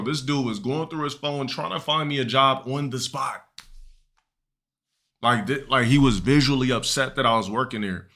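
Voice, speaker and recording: A man's voice: on the low side, pushed and bright. A young man streaming live, telling a long, rambling, profane story to his chat with many restarts and fillers.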